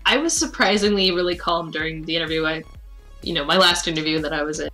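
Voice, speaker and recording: A woman's voice: low-pitched, fast, sharp tone, soft background music, rough recording. A woman co-hosting a casual stream chat, teasing and laughing often.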